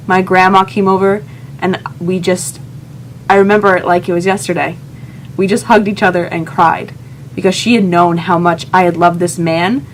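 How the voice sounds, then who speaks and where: A woman's voice: lowish voice, a little hiss or hum. A young woman telling a heartfelt personal story in a vlog, earnest and emotional, often quoting her own thoughts. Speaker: vlogger.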